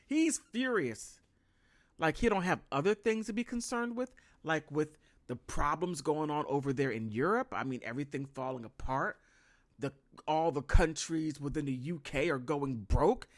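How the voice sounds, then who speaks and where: A woman's voice: low-pitched, moderate pace. An American woman giving casual, sarcastic commentary, often laughing. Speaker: vlogger.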